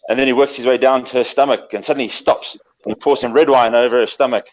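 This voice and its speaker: A man's voice: medium pitch, quick pace, lo-fi sound. Man telling a joke over a call. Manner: relaxed, chuckling storyteller. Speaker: panelist. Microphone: video call.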